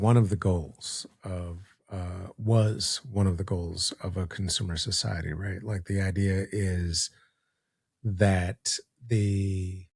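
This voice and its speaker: Slow, gravelly-voiced man. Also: sits low, darkish tone, no room sound, studio quality. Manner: slow, halting, many fillers and restarts. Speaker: podcast co-host. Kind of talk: casual podcast conversation.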